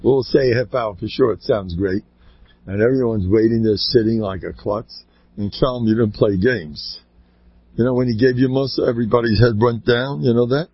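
A man giving an informal inspirational talk full of stories, with an animated delivery that swoops up high and then drops to quiet asides. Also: normal speed, slightly rough, no room sound. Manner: animated, swooping pitch, sudden quiet drops, laughs between points. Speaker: inspirational speaker. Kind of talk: informal Jewish ethical talk with storytelling. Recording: dull lo-fi dry recording.

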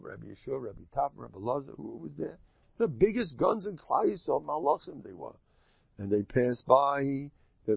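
Gravelly animated man giving a Torah talk. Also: mid-range voice, dry recording. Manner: animated, rising to loud excited peaks, Yiddish and Hebrew words mixed in. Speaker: Torah teacher. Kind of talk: lively Torah talk with storytelling. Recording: dull close dry recording.

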